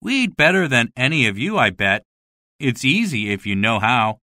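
Woman doing a swaggering young schoolboy, low and bouncy, dry close sound. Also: sing-song, normal speed, pushed and bright, no echo, exaggerated voice. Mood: boastful. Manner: swaggering, bragging. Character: boastful young schoolboy playing pirate. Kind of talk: storybook reading for learners.

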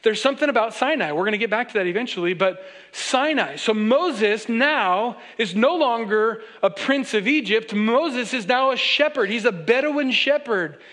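High-voiced man preaching a lively sermon. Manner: animated and joking, reads scripture aloud and acts out characters in quick asides. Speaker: pastor. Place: church sanctuary.

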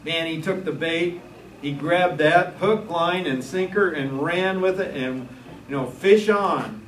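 A man teaching a Sunday school Bible class, animated and full of joking asides. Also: a little high, takes it slowly. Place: church classroom. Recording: echoey room, distant mic, faint hiss.

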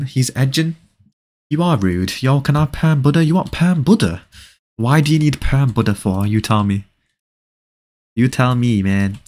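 A young man at a middle pitch hosts a live game stream, reading out viewer comments and firing back playful, teasing answers. He repeats short phrases in rapid bursts and keeps the back-and-forth loose and casual.

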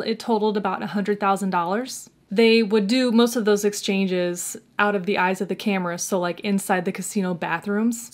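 A woman YouTuber telling a true crime story in a casual, chatty way, with sarcastic, mocking asides. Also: mid-range voice.

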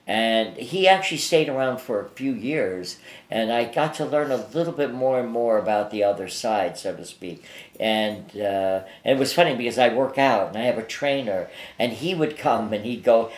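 A man's voice: medium pitch, moderate pace, reverberant. An older man, a psychic guest, telling anecdotes in a rambling, casual way full of fillers and restarts, interviewed in his apartment.

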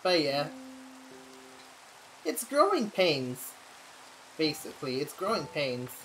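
A woman's voice: low-pitched, very animated, takes it slowly, faint music behind. A young adult woman streaming, chatting casually and venting candidly, rambling with frequent laughs. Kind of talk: casual live-stream chat.

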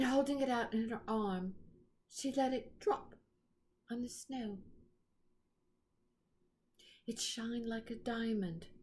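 A woman narrates a children's storybook at a very slow, deliberate pace, taking care over each phrase. A faint hiss runs under the recording. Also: on the high side, a little mellow. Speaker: reader. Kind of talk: storybook read-aloud.

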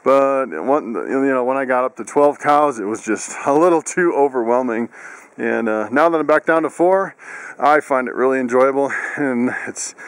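A man casually walking viewers through his animals in a vlog, chatty and laughing often. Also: moderate pace. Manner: coos in high excited tones at pets. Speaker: vlogger.

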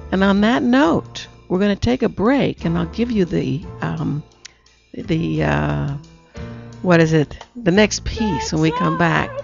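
Low, gravelly woman hosting a talk show. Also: lively intonation, takes it slowly, darkish tone, soft background music. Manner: storytelling, acts out quotes in her own voice. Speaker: radio talk show host. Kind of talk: casual interview chat. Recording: dull lo-fi internet radio sound.

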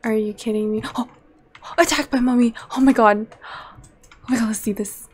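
A young woman casually commenting on her life-simulation gameplay, excitable and quick to gasp and laugh at what happens on screen. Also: on the high side, breathy edge. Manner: excitable, gasping and laughing at the game. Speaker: let's play gamer.

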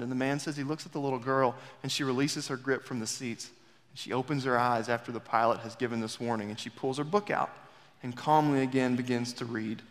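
Man, preacher, fairly high voice, dramatic storytelling sermon, church hall reverb. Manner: dramatic storyteller, swings between loud rises and hushed drops. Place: church sanctuary.

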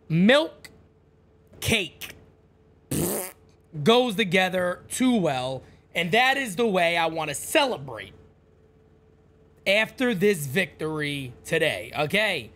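A middle-aged man hosts a casual live stream with a voice that sits a little high and swings widely in pitch. He jumps up loud and high whenever he greets viewers by name. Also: big pitch swings, slow pace, long pauses.

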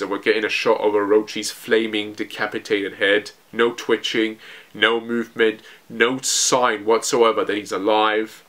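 A man's voice: on the low side, flat delivery, moderate pace, fairly bright tone. Rambling young man recapping manga. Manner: rambling, many fillers and restarts. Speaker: manga reviewer. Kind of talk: excited chapter recap.

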